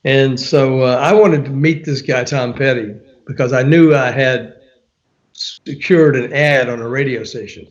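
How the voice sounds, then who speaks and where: An older man, an author who once worked as a radio promo man, tells a story in an interview in a medium-pitched, unhurried voice on a muffled recording. He's an animated storyteller who laughs often, uses frequent fillers and acts out what people said.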